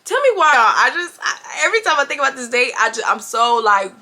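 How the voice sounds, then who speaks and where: Young woman vlogger, high and bright, animated and slangy storytime delivery. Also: a little fast, hardly any pauses. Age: 20s. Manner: animated, exclamatory, slangy, addresses viewers as y'all. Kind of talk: storytime vlog.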